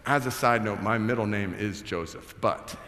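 A middle-aged man preaching a sermon as pastor, moving from hushed scripture reading to loud, excited storytelling. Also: lowish voice, moderate pace, a little hiss or hum. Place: large church hall. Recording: echoey hall reverb.

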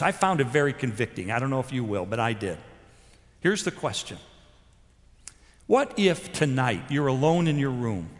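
A man preaching a sermon, telling stories with animated delivery, moving between loud emphasis and soft intensity. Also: mid-range voice. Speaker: pastor. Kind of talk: sermon with storytelling. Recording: long hall reverb.

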